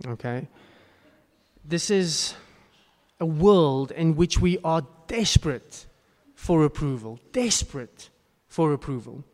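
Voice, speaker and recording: A man's voice: fairly high pitch, animated, slow pace, a little mellow. A man preaching a sermon as a pastor, earnest, with emphatic bursts. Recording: long hall reverb.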